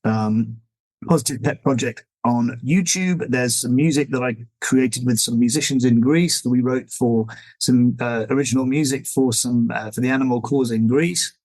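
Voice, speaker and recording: A middle-aged man being interviewed, talking in a loose, meandering way as he explains his ideas. His voice sits at an ordinary middle pitch, and he keeps an easygoing, conversational tone throughout. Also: normal speed, darkish tone, low-quality recording. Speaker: guest, dog trainer.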